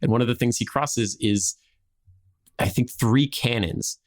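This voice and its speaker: A man's voice: medium pitch, unhurried. A man hosting a podcast, telling a history story in a rambling, casual way with frequent restarts and laughs.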